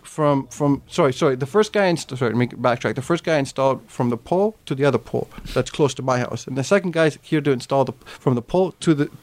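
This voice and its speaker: A man telling a story in casual chat, profane and animated, raising his voice to act out the people he quotes. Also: mid-range voice, fast, few pauses.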